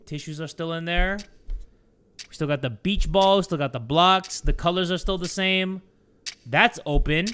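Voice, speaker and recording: A young man giving jokey, excitable let's play commentary on a horror game, swearing and talking to his viewers. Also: on the high side, a little slow, smooth. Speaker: gaming YouTuber.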